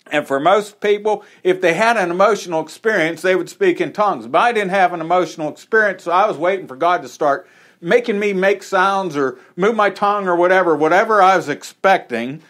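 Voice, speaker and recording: A man's voice: high-pitched, a little fast, fairly bright tone. A man preaching an informal, conversational sermon in a small church, with folksy asides. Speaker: pastor.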